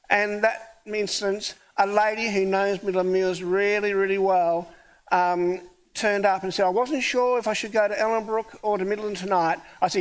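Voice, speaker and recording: A man who is a pastor, preaching a sermon in a conversational storytelling way and acting out the dialogue of his story. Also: high voice. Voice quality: hard of hearing.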